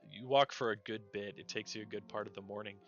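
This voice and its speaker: A man narrating as game master in a relaxed, chatty way. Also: fairly low pitch, quick pace, lo-fi sound, soft background music.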